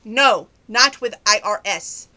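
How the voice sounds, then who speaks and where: A woman's voice: mid-range voice, expressive, slow pace, sharp tone, full character voice. Woman quoting a pushy male phone scammer. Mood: demanding. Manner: blunt, demanding, clipped.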